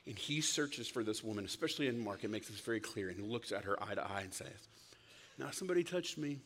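A male pastor giving a casual, conversational sermon, lively and acting out the lines he quotes. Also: lowish voice, fast. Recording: long hall reverb.

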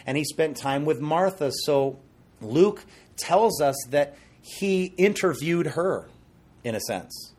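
Male preacher, husky tone, animated storyteller working the congregation. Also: mid-range voice. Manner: animated storytelling with acted quotes and asides. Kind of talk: sermon.

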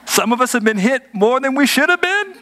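A man delivers a sermon in a notably high voice. He preaches emphatically, shifting between firm declarations and conversational asides to his congregation. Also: sing-song, fairly quick, bright, forceful tone. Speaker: pastor.

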